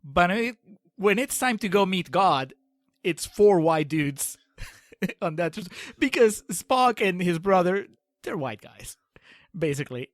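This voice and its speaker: Podcast co-host, male, slightly high voice, dry close mic, chatty and quick to laugh. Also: very animated, dry recording. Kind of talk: casual film discussion.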